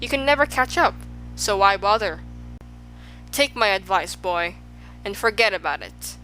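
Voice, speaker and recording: A woman's voice: medium pitch, expressive, measured pace, sharp tone, soft background music, rough recording. A woman voicing a pompous, boastful male humbug in a storybook, speaking in a blustering, grandiose way.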